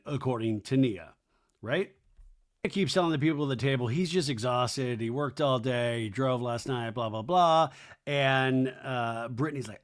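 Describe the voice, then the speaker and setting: Male podcast host, mid-pitch, gossipy recap delivery with quick put-on voices. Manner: chatty, mimics cast members in high mocking voices. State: hiccups. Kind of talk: casual recap commentary.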